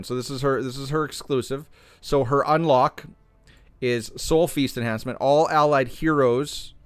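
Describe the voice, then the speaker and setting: A man with a slightly hoarse voice reading game patch notes aloud and reasoning through them, often correcting himself mid-sentence. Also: mid-range voice, fairly bright tone, no room sound. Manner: thinks aloud, restarts and self-corrects. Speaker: gaming content creator.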